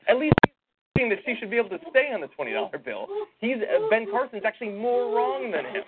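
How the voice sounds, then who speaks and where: A man's voice: extremely high pitch, big pitch swings, fast, over a noisy crowd. A man co-hosting a casual political talk show, sarcastic and reading out tweets with scorn. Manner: sarcastic, reads out tweets mockingly. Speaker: podcast co-host. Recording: tinny phone-like sound.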